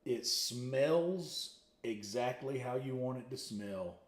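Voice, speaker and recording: A man hosting a casual cooking livestream from his home kitchen, excitable and boastful, exclaiming loudly about his own food. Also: medium pitch, takes it slowly, echoey room. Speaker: livestream host.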